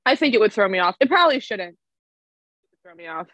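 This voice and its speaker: A woman in her twenties speaks casually as a podcast guest, filling her thoughts with "um" and "like". Her voice sits at an ordinary middle pitch. The sound is dry and close, with no room around it. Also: sing-song, fairly quick, a bit bright, dry recording. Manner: chatty, many fillers like "um" and "like". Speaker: elementary school teacher, podcast guest.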